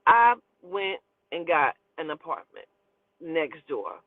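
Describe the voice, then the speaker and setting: A woman telling a personal story in a casual, profane, animated way and acting out the quotes. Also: deep voice, slow pace, no room sound. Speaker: storyteller host. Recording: tinny phone-like line, dry.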